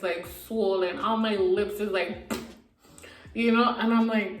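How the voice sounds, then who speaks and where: Animated young woman telling a story. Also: medium pitch, moderate pace, roomy sound, rough recording. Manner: animated, acts out voices in her story. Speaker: vlogger. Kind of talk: casual storytime vlog.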